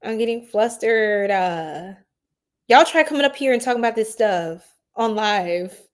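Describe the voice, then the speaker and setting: Slow-talking giggly woman livestreaming. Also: medium pitch, animated. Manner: giggly, flustered, talks straight to chat. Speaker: astrology livestream host. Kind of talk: casual livestream chat with viewers.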